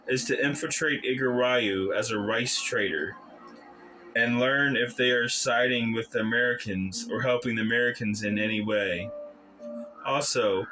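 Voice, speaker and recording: A man's voice: medium pitch, bright, forceful tone. A man voicing a male ninja leader who issues missions in a formal, authoritative way. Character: commanding male ninja leader giving orders. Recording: background music under the voice.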